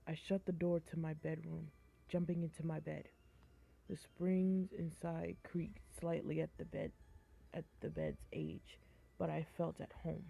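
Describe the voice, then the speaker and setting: A young woman streamer reading a horror story aloud in a flat, even tone, stumbling over words and chatting between passages. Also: sits low, a little slow, vocal fry. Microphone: phone mic. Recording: tinny phone-like live-stream audio.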